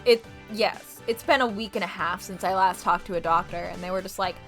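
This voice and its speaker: A woman's voice: mid-range voice, brisk, fairly bright tone, soft background music. A young woman streaming a game with a lingering cough, commenting casually, giggling and swearing freely. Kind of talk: casual let's-play commentary.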